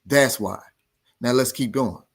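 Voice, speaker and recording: On his boxing talk show, a man with a husky, mid-range voice takes his time, his words edged with vocal fry. He rants heatedly yet casually, circling back to stress the same points again and again in an animated, argumentative manner.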